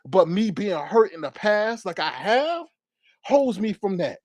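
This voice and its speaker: A man's voice: high-pitched, very animated, a little slow, dry recording, clean studio sound. A man hosting a livestream, angrily ranting in a profane, repetitive way. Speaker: livestream host. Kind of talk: heated livestream rant.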